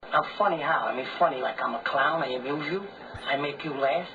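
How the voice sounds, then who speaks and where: A man's voice: fairly high pitch, brisk, highs cut off, crowd noise, voice pushed down, natural voice. A man doing a touchy menacing tough guy. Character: touchy male tough guy demanding answers.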